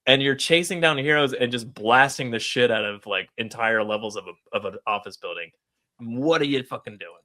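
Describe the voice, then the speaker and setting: A man's voice: mid-range voice, moderate pace, sharp tone. A man co-hosting a casual comic book discussion, acting out comic dialogue and swearing a lot. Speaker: podcast co-host.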